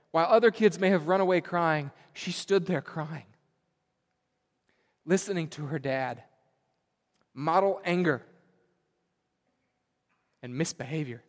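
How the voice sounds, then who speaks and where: Earnest man preaching in a reverberant hall. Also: fairly high pitch. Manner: earnest, confessional, pauses and repeats words. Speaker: pastor. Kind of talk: sermon.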